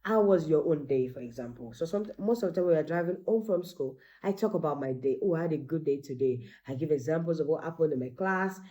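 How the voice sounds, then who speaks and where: Teacher mom, mellow warm voice, lively, acts out little quotes. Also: female voice, sits low, quick pace, hardly any pauses. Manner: animated, acts out quoted dialogue. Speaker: teacher and parent. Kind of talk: parenting advice talk.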